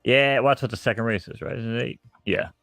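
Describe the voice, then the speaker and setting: A man's voice: mid-range voice, fast, fairly bright tone, no echo, faint music behind. A man with a New York accent hosting a live stream, chatting loosely and poking fun at himself. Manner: rambling, self-mocking, breaks into laughs. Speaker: stream host and horse owner. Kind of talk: casual live-stream chat.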